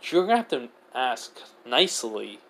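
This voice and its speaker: A man's voice: medium pitch, very animated, moderate pace, a bit bright. A young man improvising a fan story aloud, rambling with many fillers as he recounts who said what, barely changing his voice between the characters. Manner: rambling, filler-heavy retelling with many "he goes, she goes".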